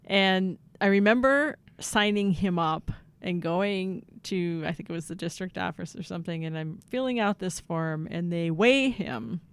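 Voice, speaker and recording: A woman, a mother co-hosting a podcast with her son, telling funny family stories in casual chat and acting out her own past shouts. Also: on the low side, a little slow, hardly any pauses, smooth.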